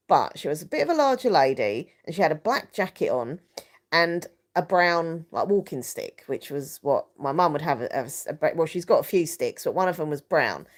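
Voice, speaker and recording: A woman hosting a live stream, talking in a rambling, emotional, confiding way with many fillers. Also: deep voice.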